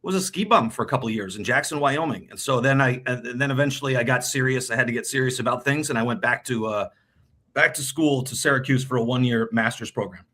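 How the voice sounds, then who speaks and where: A man's voice: mid-range voice, fast, bright, forceful tone. A middle-aged man from New England, a team broadcaster chatting as a guest, rambling with lots of restarts and repeated words. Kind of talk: casual interview chat.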